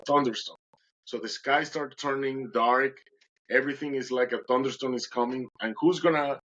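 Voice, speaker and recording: A man's voice: mid-range voice, fairly bright tone, dull audio. A podcast guest, a man, recounting a dramatic personal story in conversation and acting out his own words with animation.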